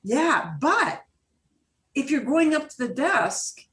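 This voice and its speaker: A woman's voice: sits high, big pitch swings, takes it slowly, fairly bright tone. A woman teaching a beginners' Spanish class over a video call, explaining patiently and repeating phrases.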